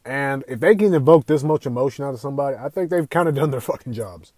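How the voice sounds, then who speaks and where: A young man hosting a casual gaming podcast, talking in an excitable, profane, rambling way. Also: mid-range voice, fast, no room sound. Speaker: podcast host.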